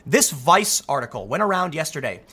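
A man giving opinionated solo commentary in an emphatic, animated way, often repeating words as he gets going. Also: a little high, fairly quick, slightly rough. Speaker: political commentator.

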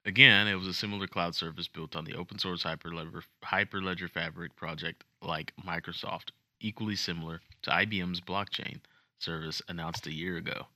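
A man's voice: deep voice, steady tone, fairly quick, sharp tone, no echo, studio quality. A man co-hosting a podcast, chatting casually and reading news aloud in a joking, self-deprecating way. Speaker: podcast co-host.

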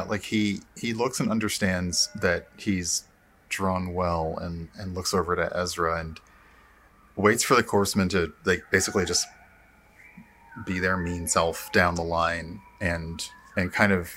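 A man's voice: low voice, fairly even intonation, a little slow, pushed and bright, slight background noise. A man playing a tabletop game, thinking aloud in a rambling way with many fillers. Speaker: player. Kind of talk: tabletop role-play chat.

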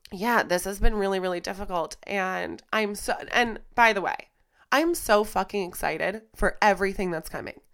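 A woman's voice: lowish voice, fairly bright tone, smooth. Congested young woman, raw and emotional. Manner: raw, emotional, casual swearing. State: stuffy and congested from crying and flu. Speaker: podcast host and fitness instructor. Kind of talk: candid personal monologue. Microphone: studio microphone.

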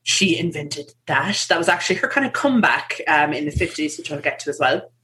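A woman's voice: low-pitched, animated, a little fast, bright, forceful tone, a little hiss or hum. A woman hosting a casual podcast, chatty and giggly, presenting her research with lots of fillers.

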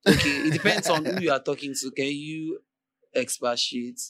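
A man with a Nigerian accent chatting on a podcast, his voice sitting a little high for a man. He teases his co-host in a playful tone. He stretches his phrases out as he talks. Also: moderate pace, fairly bright tone, no echo. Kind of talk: casual chat.

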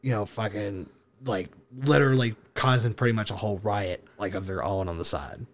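A young man telling a wild story casually, animated, laughing and swearing as he goes. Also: fairly low pitch, moderate pace.

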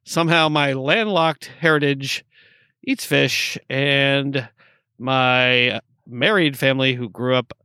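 A man's voice: mid-range voice, slow, sharp tone, clean tone, no room sound, clean studio sound. A man in his forties from upstate New York, co-hosting a casual chat and rambling with trailing asides. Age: 40s. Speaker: podcast co-host. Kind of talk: casual chat tasting beer.

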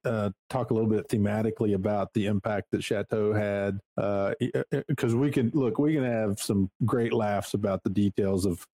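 A man's voice: on the low side, steady tone, moderate pace, few pauses, mellow, dry recording. A man hosting a casual interview, asking long rambling questions full of "uh" and restarts. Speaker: podcast host.

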